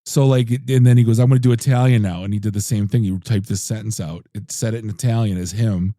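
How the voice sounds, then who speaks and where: A man hosting a podcast, telling stories in a rambling, animated way with lots of fillers. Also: on the low side, fairly quick, dry recording, studio quality. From United States. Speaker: podcast host. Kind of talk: casual chat.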